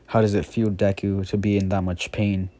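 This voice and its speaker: A scheming, mocking male demon, told by a man in his everyday voice. The voice sits low and mellow, with a calm menace. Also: moderate pace, natural voice. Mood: sinister. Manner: plain quoting voice with fillers.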